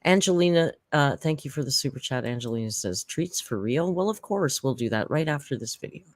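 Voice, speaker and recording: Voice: medium pitch, expressive, brisk, dry recording. A reaction channel host giving chatty, sarcastic live-stream commentary to viewers.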